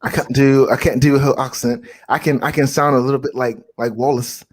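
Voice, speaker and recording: A man co-hosting a casual live-streamed chat, rambling and animated with frequent restarts. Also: medium pitch, a little fast. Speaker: podcast co-host.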